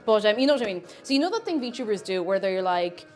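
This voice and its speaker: A woman's voice: medium pitch, very animated, quick pace, a little mellow, faint music behind. A woman streamer chatting playfully while she cooks on a livestream, now and then breaking into silly noises. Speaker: livestreamer and VTuber. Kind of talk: casual chat while cooking on a livestream.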